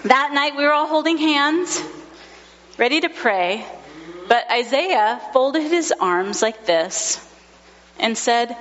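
A woman in her thirties, a pastor giving a sermon, telling a family story with gentle humor. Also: high-pitched, animated, takes it slowly, pauses often. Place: church sanctuary. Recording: lo-fi recording in a large reverberant church.

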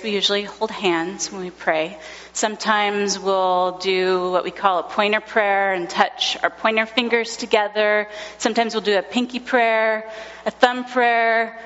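A woman in her thirties, a pastor giving a sermon, telling a family story with gentle humor. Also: medium pitch. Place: church sanctuary. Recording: lo-fi recording in a large reverberant church.

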